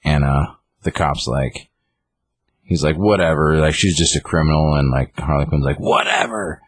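A man's voice: very deep voice, flat delivery, moderate pace, slightly rough. A man casually recapping a comic story, rambling with lots of fillers. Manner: rambling retelling with many fillers. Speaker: comic book reviewer. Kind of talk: casual chat.

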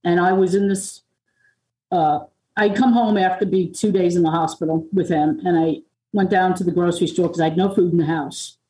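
Mellow-voiced woman from Long Island, roomy. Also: lowish voice, fairly even intonation, a little fast, slight background noise. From Long Island, New York. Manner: rambling, many fillers and restarts. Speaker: podcast guest, music producer and author. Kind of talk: candid personal storytelling. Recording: roomy and distant from the mic.

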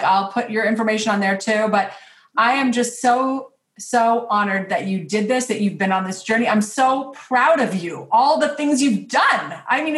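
A woman's voice: a little high, roomy sound, distant mic. A woman hosting a podcast interview, gushing and effusive as she thanks her guest. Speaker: podcast host. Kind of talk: warm interview chat.

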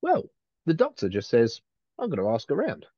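A man's voice: medium pitch, wildly swooping pitch, normal speed, dry recording, lo-fi sound. A man co-hosting a podcast, rambling through casual chat with lots of restarts and fillers. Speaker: podcast co-host.

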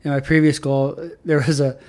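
Middle-aged man, fairly high voice, animated storyteller, acts out quotes, casual podcast chat. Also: normal speed. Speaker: head athletic trainer, guest.

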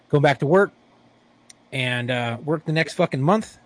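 A man's voice: fairly high pitch, animated, unhurried. A man co-hosting a casual podcast who tells stories brashly and swears heavily. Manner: profane, brash storytelling. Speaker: podcast co-host.

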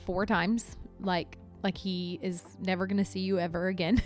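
A woman in her thirties co-hosting a casual family podcast, chatty and quick to laugh, teasing her husband. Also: on the low side, fairly even intonation, soft background music. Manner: chatty, laughs often, warm-hearted teasing. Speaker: podcast co-host.

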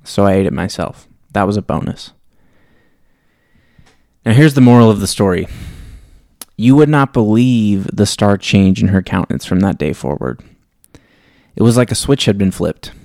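Low gravelly man telling a story. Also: animated, normal speed, pauses often, a little mellow, no echo, clean studio sound. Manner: reflective, wry storytelling. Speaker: podcast host. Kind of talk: reading a personal story aloud, then casual sign-off.

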